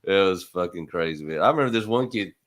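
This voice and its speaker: A man's voice: low-pitched, expressive, fast, a bit bright. A middle-aged man telling crude, funny stories in casual podcast chat, laughing often as he talks. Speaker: podcast co-host.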